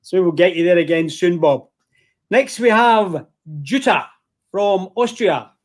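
Chatty Glaswegian man hosting, higher voice. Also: lively intonation, a little slow. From Scotland. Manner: chatty, jokey, addresses the audience as folks. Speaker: host. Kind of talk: hosting an online whisky tasting.

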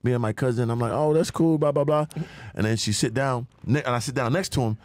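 A man's voice: mid-range voice, quick pace, no echo. A man, a podcast guest, telling a story in casual chat, with heavy slang and profanity, acting out the people he quotes in a raised voice. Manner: animated, acts out quoted dialogue in a raised voice.

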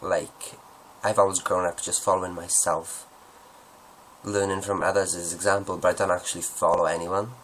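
A man's voice: sits low, flat delivery, moderate pace, a bit bright, slight background noise, low-quality recording. A man answering viewer questions at home in a rambling, joking, self-deprecating way. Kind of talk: casual Q&A monologue.

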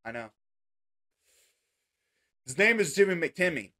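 A man's voice: on the high side, big pitch swings, slow, pushed and bright. A young man doing casual reaction commentary on his old videos, joking and mocking himself in loose, cussing talk. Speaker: content creator.

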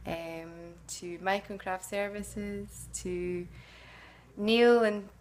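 A woman's voice: medium pitch, fairly even intonation, drawn-out words. A middle-aged woman, an actress answering fan questions in a casual, chatty way, musing and often hesitating.

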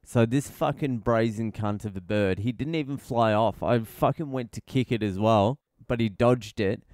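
Middle-aged Australian comedian-host, foul-mouthed ranting storyteller, smooth voice, dry close sound. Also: male voice, mid-range voice, normal speed, darkish tone, dry recording. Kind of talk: casual comedic monologue.

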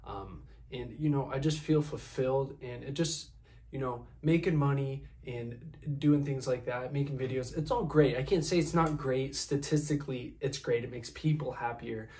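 A man playing a generous young male video star as a podcast guest in a comedy sketch, talking in a relaxed, halting way full of fillers. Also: medium pitch, close to an everyday voice. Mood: earnest. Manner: laid-back, hesitant, many fillers.

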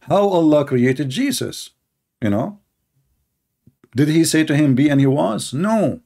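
A man's voice: on the high side, expressive, takes it slowly, creaky, warm tone. A man giving polemical commentary in a sarcastic, emphatic and mocking way. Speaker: religious debater.

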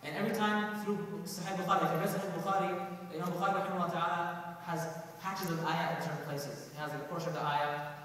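A high-voiced man preaches at a racing clip, asking his listeners questions between quick bursts of recited verse. He is picked up from across a big hall, so his voice sounds far off, wrapped in long reverb with a faint hiss behind it. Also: steady tone, a bit bright. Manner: quick, conversational, asks the audience questions; recites scripture rapidly in chant. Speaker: mufti giving a lecture. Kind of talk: religious lecture to a live audience. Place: large echoey hall. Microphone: distant from the recording mic. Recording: distant echoey hall recording with faint hiss.

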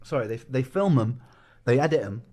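A young man talks casually to fans on a live stream, emotional and near tears. His medium-pitched voice is expressive, fairly quick and dark in tone. He swears, repeats words, and calls people mate and bro.

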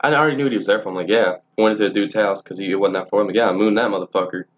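A young man with a fairly low voice tells a story casually, rambling and swearing with plenty of false starts. The sound is dull and lo-fi. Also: very fast. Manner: rambling, profane, frequent restarts. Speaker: vlogger.

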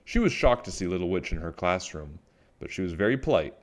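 Lively low-voiced man reading a storybook. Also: a little fast. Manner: animated storytelling. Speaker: children's book reader. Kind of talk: reading a picture book aloud.

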